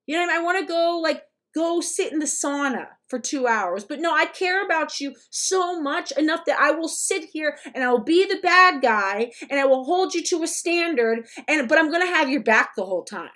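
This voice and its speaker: A woman with a notably high-pitched voice delivers reaction commentary as a rant. She is blunt and emphatic and swears freely. She now and then mocks others in short put-on quotes. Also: expressive, normal speed, hardly any pauses, a bit bright. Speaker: commentary vlogger.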